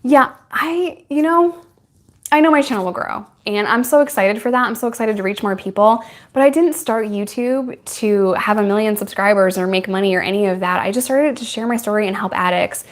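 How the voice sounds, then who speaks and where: A woman's voice: medium pitch, fairly quick. A young woman YouTuber answering viewer questions in a candid, chatty way, laughing often. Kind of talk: casual Q&A chat.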